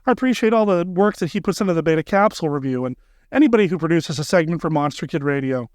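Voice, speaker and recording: Podcast host outro, man with a higher voice, dry booth sound, friendly plugs. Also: quick pace, dry recording. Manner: friendly, steady thank-yous and plugs.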